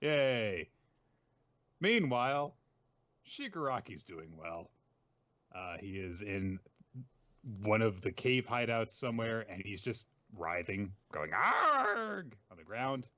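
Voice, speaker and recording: A man recapping manga chapters on a podcast in a loose, casual chat. His pitch swings widely as he quotes characters and breaks into laughs, and the audio sounds dull and lo-fi. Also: very animated, a little slow, a bit bright, dry recording. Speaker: podcast co-host.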